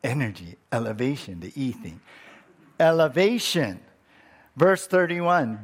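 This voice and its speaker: A man preaching a sermon in an earnest way, stressing some lines loudly and dropping others low and quiet. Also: expressive, a little slow, breathy edge. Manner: earnest, swings between loud emphatic lines and low quiet ones. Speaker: pastor.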